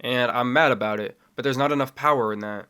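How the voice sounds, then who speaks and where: A man's voice: medium pitch, sharp tone, smooth. Impassioned young man speaking to camera. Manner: impassioned, builds from measured to fiery. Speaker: video essayist. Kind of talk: spoken opinion essay to camera.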